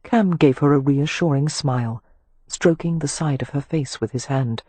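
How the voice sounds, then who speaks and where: A woman narrating an audiobook in a measured, even manner. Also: a bass voice, slightly rough, dry recording. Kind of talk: scripted narration of a historical romance.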